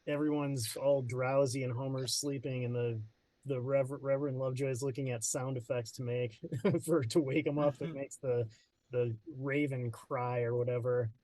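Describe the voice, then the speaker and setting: A man's voice: mid-range voice, steady tone, moderate pace, dark tone, no echo, low-quality recording. A man playing in a tabletop game, chatty and laughing as he recounts a scene. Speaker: player. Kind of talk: casual chat.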